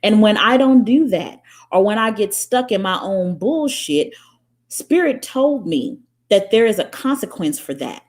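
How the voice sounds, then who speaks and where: A woman's voice: medium pitch, a little slow. Blunt, profane woman vlogger. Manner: blunt and profane, animated storytelling. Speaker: spiritual vlogger. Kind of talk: casual monologue to viewers.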